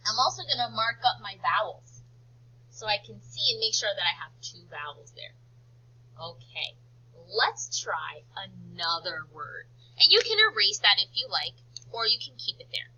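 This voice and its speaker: A woman teacher leading a slow phonics lesson for young children, stretching out words for them to repeat and praising them often. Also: mid-range voice, big pitch swings, pushed and bright, breathy edge, highs cut off. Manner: slow, drawn-out word modelling and encouraging praise.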